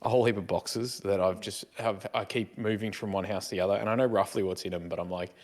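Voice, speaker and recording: A man's voice: on the low side, fairly even intonation, fast. A middle-aged man co-hosting a podcast, rambling and joking with many stumbling restarts. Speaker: podcast co-host. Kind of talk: casual chat.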